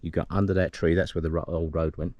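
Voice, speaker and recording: A man's voice: rumbling low, level tone, fast talker, dark tone, no room sound. A man filming himself outdoors on a mountain trail, chatting casually as he walks and gives directions. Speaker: trail volunteer vlogger. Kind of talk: casual walking narration. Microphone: handheld camera, filming while walking.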